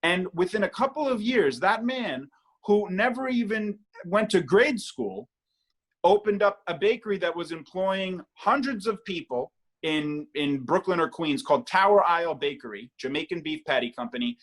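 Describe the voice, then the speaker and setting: A man's voice: sits high, lively intonation, normal speed, a bit bright. A man who is a guest artist, answering interview questions in an earnest storytelling way.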